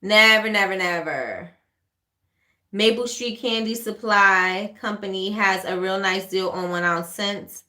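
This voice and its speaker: A woman's voice: mid-range voice, flat delivery, a little slow, bright, forceful tone, echoey room. A woman with a New York accent hosting a casual livestream Q&A, chatty and repetitive, reading out viewer comments as she goes. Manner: chatty, repeats herself, reads out viewer comments. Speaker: livestream host, candle maker. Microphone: webcam or phone livestream.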